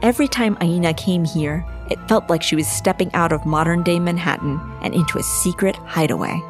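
A woman reading her own story aloud in an expressive storybook narration. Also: sits low. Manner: expressive, varies voices for characters.

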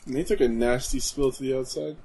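A young man chatting casually during a wrestling game. He talks in a laid-back, dry way. His pitch sits in the middle. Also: fairly even intonation, quick pace, dark tone, slightly rough. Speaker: co-host playing a wrestling game. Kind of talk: casual chat over gameplay.

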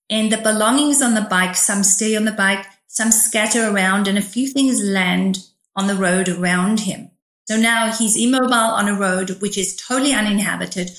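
A woman's voice: medium pitch, a bit bright. A middle-aged woman, an author, telling a personal story as an interview guest in a vivid, emphatic way. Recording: roomy echo.

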